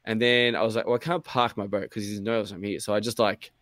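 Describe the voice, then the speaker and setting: A young man rambles through a story on a podcast mic, swearing freely and voicing his own thoughts aloud. His voice sits on the low side, and the sound is close and dry with no room echo. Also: fairly even intonation, fairly quick, fairly bright tone. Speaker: podcast co-host. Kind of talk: casual chat.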